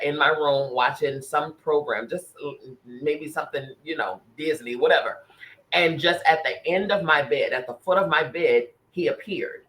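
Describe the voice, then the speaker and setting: A man's voice: on the high side, fairly bright tone, poor audio. A man co-hosting a podcast, earnestly telling a personal spiritual story in casual chat, often restarting and repeating phrases. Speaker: podcast co-host.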